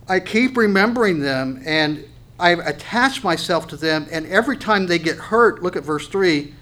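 Preacher, male, fairly high voice, poses questions then answers, restarts and repeats for emphasis. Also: fairly bright tone. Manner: asks questions and answers them himself. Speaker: pastor. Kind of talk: sermon with scripture reading.

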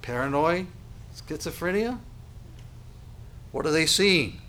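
A man preaching a sermon, emphatic and full of rhetorical questions, swinging from quiet to loud. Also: a little high, sing-song, slow, pauses often. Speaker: pastor.

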